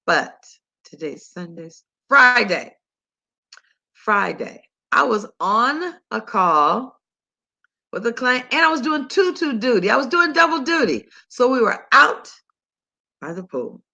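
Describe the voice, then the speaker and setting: An older woman hosting a health talk, telling a story in a chatty, animated, conversational way. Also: on the high side, unhurried. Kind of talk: casual monologue to listeners.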